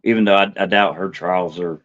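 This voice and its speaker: A man with a fairly low voice who speaks hesitantly, stumbling and repeating words as he chats. The recording sounds dull and lo-fi. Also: steady tone, brisk, a bit bright. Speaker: podcast co-host. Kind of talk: casual book discussion.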